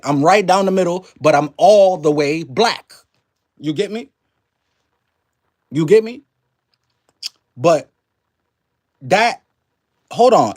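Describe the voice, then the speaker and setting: A man hosting a livestream and giving casual, emphatic commentary to his chat, heavy on slang, profanity and rhetorical questions. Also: sits high.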